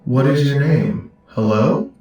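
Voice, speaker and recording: Man doing a slow echoing mimic entity. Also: medium pitch, faint music behind, pitched above the performer's own voice. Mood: insistent. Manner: slow, flat, insistent repeating. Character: mimicking entity copying a man's voice, menacing. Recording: heavy echo on the voice.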